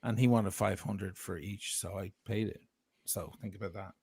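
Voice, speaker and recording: A man's voice: low voice, steady tone, normal speed, creaky, darkish tone, slightly rough, dry recording. A man telling a heated, profane story of grievance as a guest on a livestream. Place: lives in Italy.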